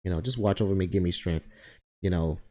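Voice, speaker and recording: A man with a lowish, mellow voice tells a personal story casually. He rambles, circles back and repeats himself as he talks. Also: brisk.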